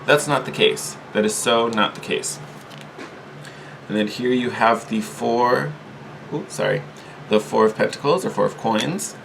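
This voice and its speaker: A man giving a casual, chatty tarot reading, animated and quick to laugh, often repeating himself. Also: mid-range voice, creaky, a little hiss or hum, rough recording. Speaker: tarot reader.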